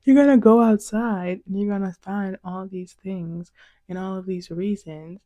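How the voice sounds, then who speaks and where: Chatty woman vlogging, mellow voice, dry close sound, lots of you know. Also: medium pitch, fairly even intonation, a little slow, no room sound. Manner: chatty, rambling, heavy on fillers. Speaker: vlog host. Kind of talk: casual monologue to camera.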